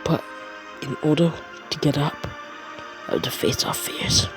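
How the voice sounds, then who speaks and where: A man's voice: fairly high pitch, sing-song, measured pace, over music. A man voicing a comforting teenage boy who is the hero's best friend, earnest and repeating "man". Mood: consoling.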